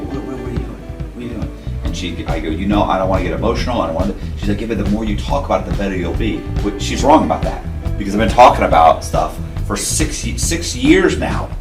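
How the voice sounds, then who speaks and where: A man's voice: low voice, far from the mic. A man hosting an interview, talking in a wry, self-deprecating, rambling way. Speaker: interview host. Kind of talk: candid podcast interview chat. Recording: echoey room from off-mic, clear music behind.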